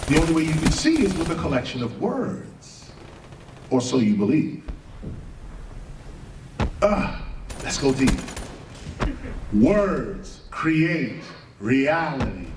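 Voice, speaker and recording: A man with a high, swooping voice delivers an unhurried lecture, leaning on rhetorical questions and spelling words out letter by letter. He sits back from the mic in an echoey room. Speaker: speaker giving a talk. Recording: echoey room, far from mic, faint ambient noise.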